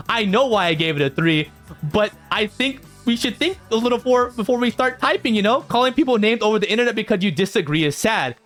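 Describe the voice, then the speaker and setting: Male vlogger, higher pitch, animated reactor, light music bed underneath. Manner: animated, jumps in pitch when exasperated. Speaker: YouTuber reacting to comments. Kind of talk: casual reaction vlog.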